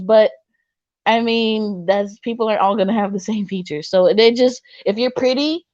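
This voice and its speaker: A woman co-hosting a casual livestream chat, animated and laughing often, trailing off and restarting her sentences. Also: mid-range voice, moderate pace, no echo. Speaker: co-host. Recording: dull lo-fi sound.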